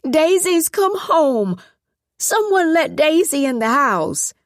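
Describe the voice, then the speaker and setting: A woman voicing a confused, excited old woman who yells loudly in a high, shrill voice. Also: slow, no echo, studio quality, heavily acted. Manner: yelling, shrill.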